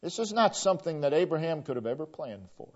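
A man preaching a sermon with slow, deliberate emphasis, his voice sinking to a hush at the end of phrases. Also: on the high side, big pitch swings, lo-fi sound.

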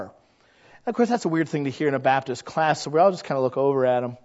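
A man's voice: fairly high pitch, fairly even intonation, quick pace. A man preaching a chatty sermon as pastor, folksy and conversational. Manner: folksy, chatty, acts out quoted voices. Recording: dull lo-fi recording.

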